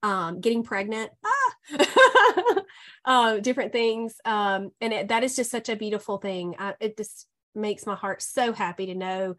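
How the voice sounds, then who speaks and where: A woman hosting a casual podcast chat, effusive and quick to laugh. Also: medium pitch, expressive. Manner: warm, effusive, laughs often. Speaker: podcast host and health coach.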